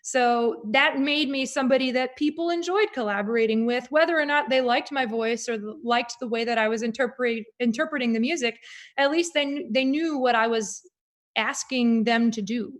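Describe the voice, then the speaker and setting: Animated woman singer in interview. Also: a little high, normal speed. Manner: animated, reflective, with frequent fillers. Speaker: opera singer guest. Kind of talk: conversational interview.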